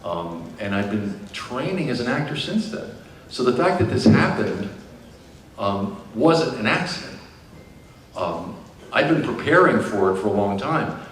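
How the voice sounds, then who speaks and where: A man is telling stories at a fan convention panel, picked up far from the mic in a large echoing hall. His delivery swings from hushed and reflective to loud and laughing. A constant hum of crowd ambience sits under him. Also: mid-range voice, measured pace. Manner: animated storyteller, lively swings from hushed to loud. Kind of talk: storytelling panel Q&A. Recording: roomy distant convention hall recording with noise.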